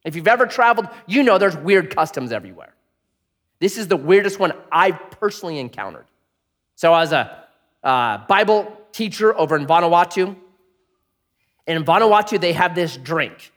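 Animated preacher man in an echoing hall. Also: a little high, moderate pace, pauses often. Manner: animated storytelling, swings from loud to hushed. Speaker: pastor. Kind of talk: sermon. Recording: long hall reverb.

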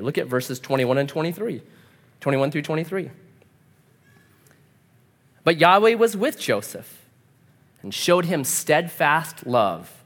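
Male pastor, lively pitched preaching voice, animated storyteller, long hall reverb. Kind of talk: sermon.

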